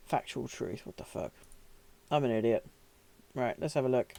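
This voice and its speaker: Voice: medium pitch, moderate pace, creaky, pauses often, dark tone, dry recording. A British streamer chatting casually on a live stream, rambling, swearing often and making self-mocking asides. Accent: British English. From Britain.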